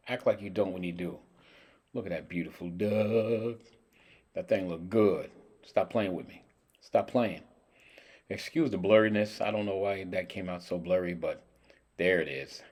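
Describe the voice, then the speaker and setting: A man's voice: deep voice, unhurried, long pauses, a little mellow, roomy sound. A man hosting a casual home cooking vlog, talking playfully to his viewers and teasing them as he shows off his food. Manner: playful, hyped-up talk to viewers with teasing asides.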